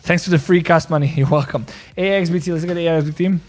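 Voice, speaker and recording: A man hosting a casual live-stream about crypto trades, excitable and repetitive. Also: on the high side, very fast, faint music behind. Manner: excitable, repeats himself, calls people bro.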